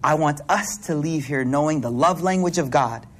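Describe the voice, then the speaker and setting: A man gives a casual, animated sermon full of slang and storytelling. His voice sits high for a man and has a husky, breathy grain. He talks the way he would to friends. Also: normal speed. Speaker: preacher.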